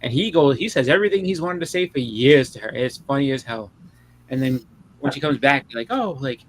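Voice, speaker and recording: Man panelist, fast and bright, rambling storyteller, faint room hum. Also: mid-range voice. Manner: rambling, animated retelling with voices. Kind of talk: casual group chat.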